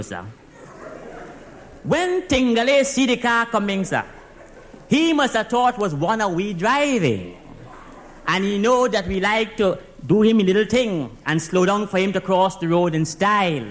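A man with a Trinidadian accent and a fairly high voice tells a comic story as a driving instructor talking to his boss on the phone. He speaks in dialect, tumbles excitedly from one disaster to the next, and tacks a polite "sir" onto nearly every phrase. A faint noise hum sits behind him. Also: measured pace. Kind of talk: comic monologue as one side of a phone call.

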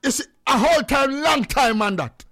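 A man with a Jamaican accent hosting a call-in radio show, loud and joking, slipping into patois. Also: extremely high pitch, animated, moderate pace.

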